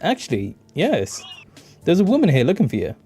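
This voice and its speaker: Brief: streamer putting on a teasing Southern-belle lawyer from a video game, warm and dark in tone, with game music underneath. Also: mid-range voice, huge pitch swings, brisk, breathy edge. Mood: flirty. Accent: Southern US, put on. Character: sweet-talking female lawyer, a Southern belle. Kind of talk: reading game dialogue aloud.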